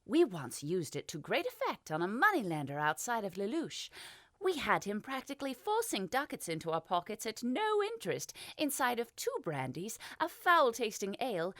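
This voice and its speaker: A calm, knowing female thief in a fantasy audiobook explains things in a measured way, as a woman narrator puts her on. Her voice moves expressively and sounds dry and close. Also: medium pitch, dry recording, pitched above the performer's own voice.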